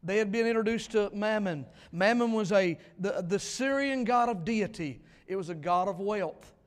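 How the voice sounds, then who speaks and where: A man preaching a revival sermon in a church, emphatic, swinging between loud declarations and quiet asides. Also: sits high, normal speed. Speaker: pastor. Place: church sanctuary. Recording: long hall reverb in a church.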